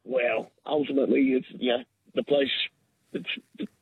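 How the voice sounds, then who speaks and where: A man's voice: medium pitch, huge pitch swings, normal speed, vocal fry, phone-quality sound, a little hiss or hum. A man with an Australian accent chatting easily with a radio host on a phone-in. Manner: easygoing, chatty. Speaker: caller. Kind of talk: casual phone-in chat.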